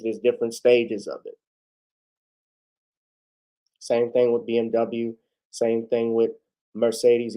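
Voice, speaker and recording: Mellow-voiced man hosting a rambling talk show. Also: mid-range voice. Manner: rambling, chatty, with many asides. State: losing his voice. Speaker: host. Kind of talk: casual solo talk show.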